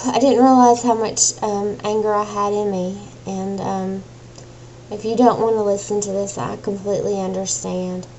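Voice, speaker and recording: A young adult woman vlogger vents in an emotional personal rant, agitated and exasperated, swearing now and then. Her medium-pitched, darkish voice keeps fairly even intonation at a moderate pace, on a low-quality recording with a little hiss or hum.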